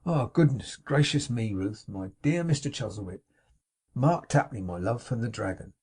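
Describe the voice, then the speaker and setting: A man voicing an excitable, kindly young man in an audiobook, with eager, breathless exclamations in a raised voice. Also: mid-range voice, normal speed, slight background noise, natural voice. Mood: overjoyed.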